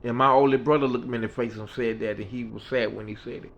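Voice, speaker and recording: A man's voice: medium pitch, fairly even intonation, fast, vocal fry. A man casually telling a personal story in a rambling, folksy way that often repeats itself. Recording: dull lo-fi recording.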